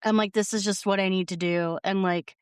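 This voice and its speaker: A woman's voice: medium pitch, fairly even intonation, fairly quick, smooth, no echo, studio quality. A woman co-hosting a gaming podcast in casual chat, talking in a hesitant, rambling way. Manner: hesitant, rambling, lots of fillers and restarts. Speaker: podcast co-host.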